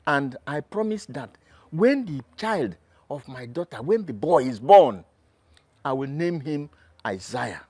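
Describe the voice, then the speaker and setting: Very animated, slightly slow and a bit rough, a mid-range male voice with a Nigerian accent portrays an indignant father. He soothes his pregnant daughter tenderly, pleading, then turns angry on the phone with the man responsible. The recording is dry, part of a film soundtrack with loud music.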